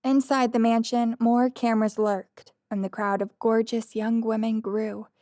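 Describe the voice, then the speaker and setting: A woman reading a light romantic comedy audiobook in measured, expressive scripted narration. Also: fairly high pitch, no room sound, studio quality.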